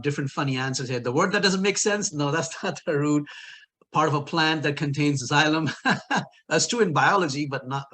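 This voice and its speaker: A man's voice: a little high, fairly bright tone. Playful male linguistics teacher. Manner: playful, jokes and laughs at his own quiz answers. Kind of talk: recorded online lecture with quiz.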